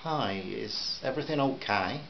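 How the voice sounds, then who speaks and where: A man voicing a shy, kind young father who speaks softly and apologetically. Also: medium pitch, unhurried, gravelly, dull audio, a little hiss or hum. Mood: defensive. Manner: soft, apologetic.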